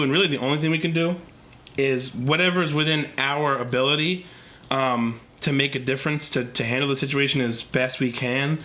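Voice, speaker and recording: A man's voice: medium pitch, bright, forceful tone. A young man with a stuffy, congested voice from a cold, earnestly talking straight to his camera in a rambling vlog full of fillers. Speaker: vlogger. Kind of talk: casual talk to camera. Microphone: camera mic, talking to camera.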